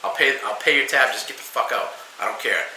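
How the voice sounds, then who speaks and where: A man's voice: mid-range voice, fairly quick, echoey room, a little hiss or hum, rough recording. Man telling a profane bar story. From New England. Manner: animated, profane, acts out quotes. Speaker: podcast guest. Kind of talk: casual storytelling.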